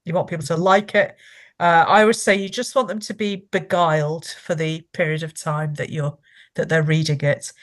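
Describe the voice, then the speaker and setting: A woman's voice: low-pitched, steady tone, moderate pace. A woman, an author guest in a casual podcast interview, self-deprecating, laughing often and restarting her sentences.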